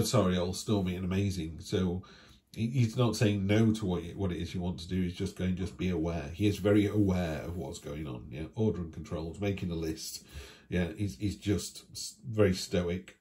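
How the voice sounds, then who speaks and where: Deep-voiced man reading tarot. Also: warm tone. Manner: chatty and rambling, with fillers and asides. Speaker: tarot reader. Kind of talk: casual weekly tarot reading.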